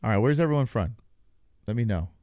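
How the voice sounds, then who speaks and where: A man's voice: mid-range voice, lively intonation, fast, warm tone, dry recording, studio quality. Joking man hosting a live reaction stream. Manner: loose, joking, talks to chat. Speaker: livestream host. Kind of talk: casual live reaction commentary.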